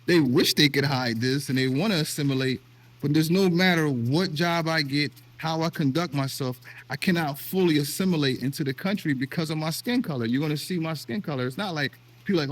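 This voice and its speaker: A man's voice: on the high side, brisk. A middle-aged man from the United States, hosting a casual conversation and telling personal stories in an earnest, emotional way with frequent restarts. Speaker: vlog host.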